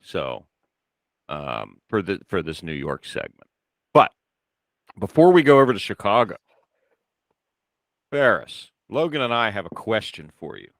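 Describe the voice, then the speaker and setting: A man's voice: lowish voice, sing-song, unhurried, long pauses, fairly bright tone, dry recording. A man hosting a wrestling podcast in casual chat, telling stories with a teasing manner. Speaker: podcast host.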